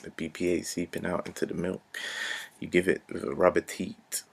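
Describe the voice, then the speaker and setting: A man's voice: low voice, flat delivery, brisk, vocal fry, husky. A man, ranting earnestly to camera, repeating himself and dropping to a near-whisper at times. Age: 20s. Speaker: vlogger. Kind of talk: unscripted rant to camera.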